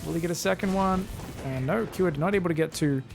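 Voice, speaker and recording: Solo esports caster, young male, slightly high, gravelly; casual chatter, faint music under. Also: fairly quick. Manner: casual, chatty, bursts into loud excited yelling. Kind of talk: solo play-by-play game commentary.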